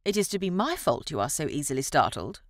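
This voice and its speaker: A teasing young gentleman with a mischievous, dry wit, as a woman narrator puts him on. His voice sits noticeably lower than the reader's own, with a lively rise and fall. The recording is close and dry. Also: quick pace, dry recording.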